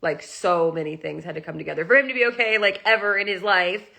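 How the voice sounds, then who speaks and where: Emotional woman with a gravelly voice. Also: lowish voice, fast talker, sharp tone. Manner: emotional, rambling, many "like"s. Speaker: kitten rescuer talking on a live stream. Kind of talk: casual live-stream chat. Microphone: phone.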